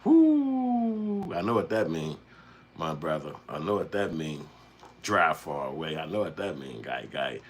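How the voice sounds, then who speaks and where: Laughing husky-voiced man reading chat aloud. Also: extremely low pitch, wildly swooping pitch, measured pace. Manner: loud laughing, reads comments aloud, slangy. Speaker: livestream host reading chat. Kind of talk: casual livestream chat.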